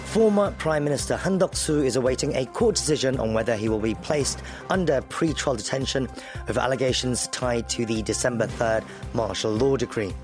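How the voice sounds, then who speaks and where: A man hosting a news radio show in a studio, speaking with a hoarse, sore-throated voice. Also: medium pitch, brisk, music in the background. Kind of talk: scripted news radio presenting. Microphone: studio microphone.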